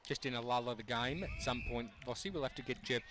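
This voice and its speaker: A man's voice: medium pitch, fast talker, fairly bright tone, slight background noise. A man with an Australian accent co-commentating a local football match on radio, teasing his partner. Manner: jokey, teasing banter.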